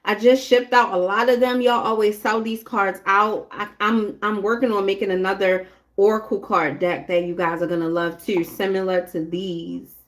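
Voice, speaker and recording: A woman's voice: mid-range voice, fairly even intonation, normal speed. A woman giving a casual live tarot reading, talking bluntly and chattily straight to her viewers. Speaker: tarot reader.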